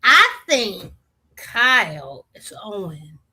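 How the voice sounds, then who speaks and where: A woman co-hosting a casual recap chat, laying out a deliberate theory. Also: medium pitch, big pitch swings, heavy background noise. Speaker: podcast co-host.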